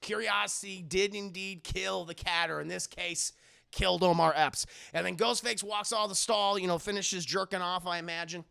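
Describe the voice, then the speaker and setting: High gravelly man recapping to chat. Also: moderate pace. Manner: animated, crude, swears, acts out lines in put-on voices. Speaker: streamer reviewing a film. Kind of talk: casual scene-by-scene recap to live chat.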